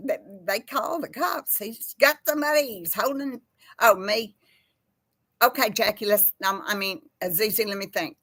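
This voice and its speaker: In a dry recording, a middle-aged woman with a medium-pitched, slightly bright voice talks at a moderate pace. As host of a relaxed livestream chat, she wanders between subjects, says hello to viewers by name, and laughs readily.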